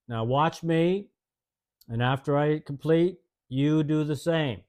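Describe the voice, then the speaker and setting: A man's voice: a little high, slow pace, a little mellow, voice pushed up. An older man quoting a stern male drill sergeant, clipped and commanding.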